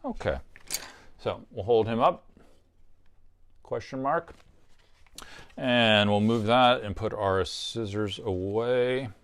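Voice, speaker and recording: A man's voice: on the low side, slow pace, pauses often. A man hosting a children's puppet craft tutorial, chatty and upbeat, explaining each step as he works. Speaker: puppeteer and craft show host.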